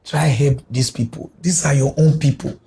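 A man's voice: a little high, fairly even intonation, moderate pace, creaky, mellow, slight background noise. A man with a Nigerian Pidgin English accent making an impassioned, repetitive appeal to politicians. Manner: pleading, emphatic, repeats words. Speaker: commentator.

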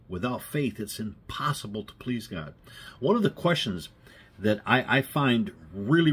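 A male preacher delivers a casual sermon with a husky, slightly rough voice. His pitch swings widely as he talks, and he keeps it conversational and folksy, checking in with his listeners for amens. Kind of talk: informal sermon.

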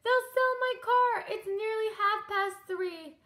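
A woman voicing a cheerful, excitable lady spider who loves fancy things, gushing in sing-song rhyme. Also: extremely high pitch, measured pace, pitched above the performer's own voice, full character voice. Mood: distressed.

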